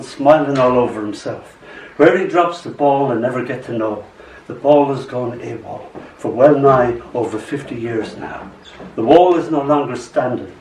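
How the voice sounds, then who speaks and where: Older guy reading his poems in a bookshop, soft storyteller, echoey room, some hum behind. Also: medium pitch. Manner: soft, storytelling delivery with acted voices. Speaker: poet reading his own work. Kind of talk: live poetry reading. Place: small bookshop, indoors. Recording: roomy bookshop sound from a distance.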